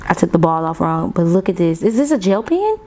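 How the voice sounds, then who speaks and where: A woman chatting excitedly to her viewers as she unboxes a gift and tests pens at her desk, calling them "y'all.". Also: fairly low pitch, a little fast. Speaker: planner vlogger. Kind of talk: casual unboxing chat to viewers. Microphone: desk camera mic, off camera.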